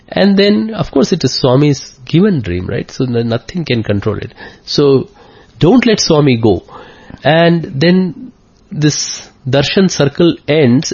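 A man from India telling a personal story in an interview, earnest and heartfelt, often slowing down to dwell on moments. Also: mid-range voice, darkish tone. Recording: dull lo-fi recording.

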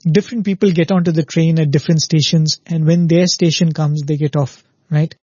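A man's voice: on the high side, steady tone, fairly quick, darkish tone, slightly rough, no room sound, highs cut off. A man giving a spiritual talk who tells a parable earnestly and keeps checking in with the listener. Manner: earnest, repeats "very, very" and asks "right?". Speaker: spiritual speaker.

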